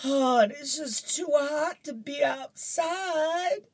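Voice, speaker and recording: Woman puts on high-pitched whining boy, drawn-out complaints, loud. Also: recorded from a distance. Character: whiny boy faking aches.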